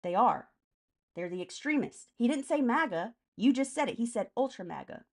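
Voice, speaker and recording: A woman's voice: a little high, lively intonation, moderate pace, a little mellow. Blunt woman streamer answering chat. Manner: blunt and profane, answers chat commenters by name. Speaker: live stream host. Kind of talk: casual political live stream, reading chat comments.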